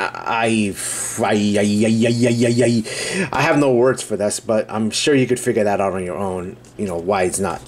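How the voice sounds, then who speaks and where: A man with a fairly low, darkish voice hosts a casual unboxing and review of a build kit on his channel, with a little hiss or hum in the audio. He rambles, corrects himself, and chuckles while reading the box aloud.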